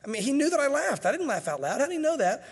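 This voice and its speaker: A man's voice: very high-pitched, sing-song, racing, in a large hall, pitched above the performer's own voice, exaggerated voice. A man putting on the voice of a flustered old woman who has been caught in a fib, sounding anxious and defensive.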